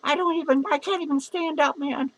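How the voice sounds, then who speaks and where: A shrill drunk clown. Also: male voice, steady tone, a little fast, a bit bright, low-quality recording. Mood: drunk rambling. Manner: slurred, rambling, profane, giggling. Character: drunk, rambling, self-pitying male clown. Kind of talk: comedic character monologue.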